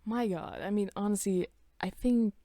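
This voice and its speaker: A woman's voice: mid-range voice, normal speed, warm tone, no echo, studio quality. A young woman casually reacting to her own old videos, swearing, laughing and putting on voices for the characters.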